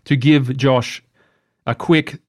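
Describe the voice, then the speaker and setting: An Australian man hosts a casual comedy podcast and keeps the talk on track between jokes. His voice sits at a middle pitch and is recorded dry and close, with no room sound. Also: steady tone, slow, no room sound. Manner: joking, steering the conversation. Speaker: podcast host.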